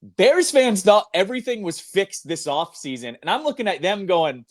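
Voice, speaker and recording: Man, sports podcast co-host, teasing, chatty, slightly high pitch. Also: big pitch swings, moderate pace. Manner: teasing, chatty, quotes others. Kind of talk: casual sports talk.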